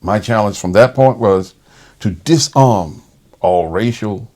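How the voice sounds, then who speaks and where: A man who works as a respiratory therapist, telling a personal story in conversation in an animated way. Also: fairly low pitch, takes it slowly. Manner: animated, acts out quoted voices.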